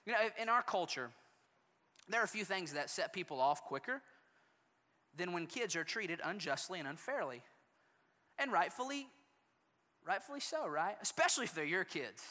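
Animated preacher in a ringing hall. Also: medium pitch, moderate pace, pauses often. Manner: animated, storytelling, jumps between soft and loud. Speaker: pastor. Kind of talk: sermon.

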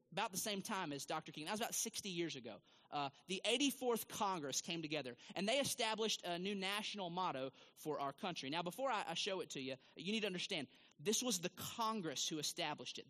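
A man preaching a sermon to his congregation, animated and emphatic, rising to loud peaks and asking the crowd questions. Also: high voice, in a large hall. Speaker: pastor.

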